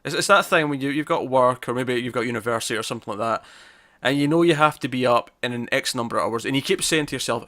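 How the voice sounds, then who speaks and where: Bright-voiced rambling man. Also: medium pitch, fast talker. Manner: self-mocking, rambling, stumbles over words. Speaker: podcast host. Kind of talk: casual chat.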